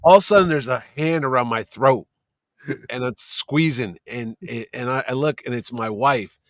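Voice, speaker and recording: A man's voice: medium pitch, normal speed, no room sound, clean studio sound. A middle-aged man, a convention owner, telling stories in casual chat, swearing freely and running short on sleep. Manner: profane, animated storyteller.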